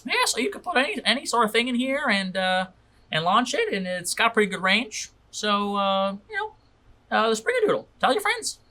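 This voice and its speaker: A man voicing a boisterous male inventor who pitches his new gadget to a crowd in a showy sales patter. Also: big pitch swings, moderate pace, bright, forceful tone, exaggerated voice. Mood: salesy.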